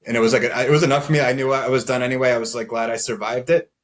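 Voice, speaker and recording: A man's voice: medium pitch, fairly even intonation, very fast. Man telling his story with many fillers. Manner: rambling, heavy use of "like" fillers; self-deprecating, laughs at himself. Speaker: podcast guest. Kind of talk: candid personal storytelling.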